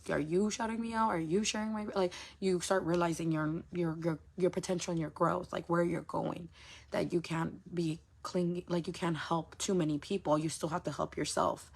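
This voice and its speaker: A woman from the United States talks on a casual livestream about running her small business. Her voice sits low and has a husky, gravelly edge. She speaks frankly, swears freely, and hammers her points home by repeating phrases.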